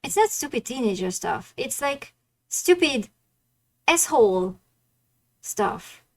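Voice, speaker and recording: Woman, game streamer, casual commentary, blunt, swears a lot, slightly high voice. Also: sing-song, slow, poor audio. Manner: blunt, swears often, indignant. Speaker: streamer playing a dating sim.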